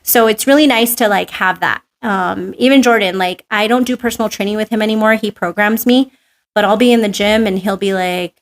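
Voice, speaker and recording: A woman, a podcast guest telling stories in casual chat, lively and full of fillers, acting out what people said. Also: mid-range voice, fast. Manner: animated storyteller, filler-heavy "like", acts out quotes.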